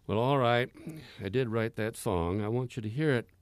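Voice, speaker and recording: A man's voice: mid-range voice, normal speed, few pauses, no echo. A man hosting a folk music radio show, telling stories in a folksy, rambling way with many hesitations. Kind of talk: casual storytelling.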